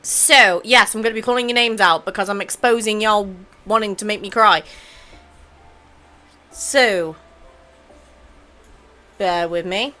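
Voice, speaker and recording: Bright-voiced chatty young woman vlogger. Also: mid-range voice, unhurried, pauses often, faint music behind. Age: 20s. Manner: chatty and emotional, swears casually and laughs often. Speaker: YouTube channel host. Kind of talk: casual vlog chat reading viewer comments.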